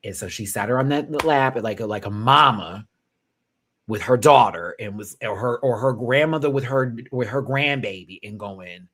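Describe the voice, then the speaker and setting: A young man hosting a live review chat, sassy and animated, laughing and then dropping to quiet asides. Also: mid-range voice, moderate pace. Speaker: host reviewing a reality show live.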